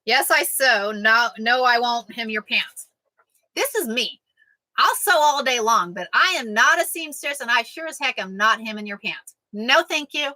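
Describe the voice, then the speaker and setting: A chatty woman hosts a casual quilting chat, cracking jokes and answering viewers by name. Her voice sounds very bright and sits a little high. The sound is dry and close, with no room echo. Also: expressive, moderate pace, few pauses. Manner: chatty, jokey, reads out sayings and answers viewers. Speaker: quilting vlogger.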